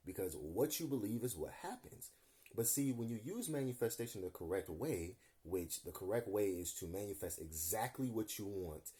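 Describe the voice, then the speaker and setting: A young man with a deep, warm, unhurried voice talks casually to his audience. He is earnest and rambling, uses loose slang, and keeps circling back to repeat his points. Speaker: vlogger. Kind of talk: casual vlog monologue.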